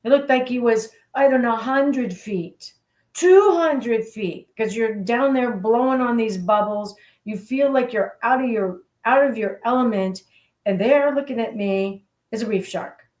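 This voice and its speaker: Animated woman storyteller, roomy echo. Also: a little high, measured pace. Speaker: radio show host. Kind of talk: motivational storytelling talk.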